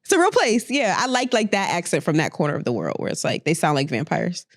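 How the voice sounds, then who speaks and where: Animated woman with a lively voice. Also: fairly low pitch, fast talker, no echo, studio quality. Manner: animated, emphatic. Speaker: podcast co-host. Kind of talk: casual chat.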